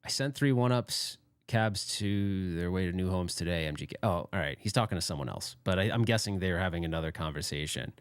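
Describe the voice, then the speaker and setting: A man's voice: low-pitched, a little fast, few pauses, smooth, no echo, clean studio sound. A man hosting a casual livestream, chatting and reading out viewer comments in a rambling, self-deprecating way, often laughing. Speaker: livestream host.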